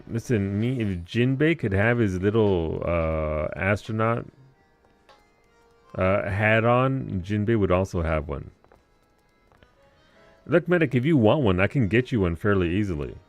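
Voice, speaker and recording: A man chatting loosely with his audience while playing an online game, joking and cursing as he goes. His voice is very low, with faint music playing in the background. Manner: joking, swears freely, talks to chat. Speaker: streamer. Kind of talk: casual game livestream chat.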